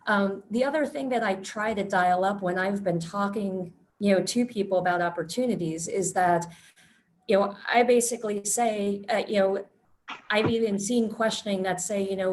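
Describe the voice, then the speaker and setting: A woman's voice: medium pitch, rough recording. Woman on a video call, just talking it thru, lots of fillers, mid voice. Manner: conversational, many fillers, thinking aloud. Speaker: meeting participant in financial services. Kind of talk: casual video-call discussion.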